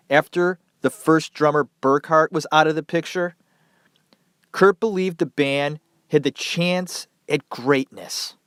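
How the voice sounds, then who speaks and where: A man with a naturally nasal voice, made thicker by a stuffy head cold, tells a story in an unhurried, casual podcast manner. He drifts into loose, profane asides. The sound is dry and close, with no room around him. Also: a little high, no echo. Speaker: podcast host.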